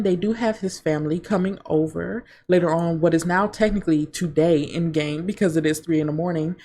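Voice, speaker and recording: A woman's voice: fairly low pitch, darkish tone. A woman giving casual gameplay commentary, chatty, retelling scenes as she plays. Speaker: gaming video creator.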